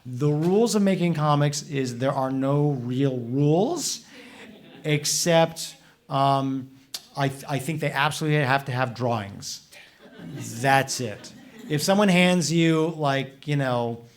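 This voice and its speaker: Chatty, lively man giving a public talk. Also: fairly high pitch, slow pace. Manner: chatty, animated, acts out voices in anecdotes. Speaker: comics author answering audience questions. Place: library event room with audience.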